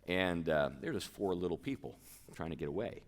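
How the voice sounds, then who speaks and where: A man's voice: deep voice, lively intonation, brisk. A man giving a casual, conversational talk to a men's group in a church hall, with fillers and chatty asides. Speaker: guest speaker.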